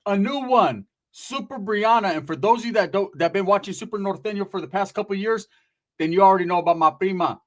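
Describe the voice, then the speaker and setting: A man with a notably high voice spins a comic street story. He talks loose and profane, packed with slang, and jumps between his own voice and the people in the story. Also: quick pace.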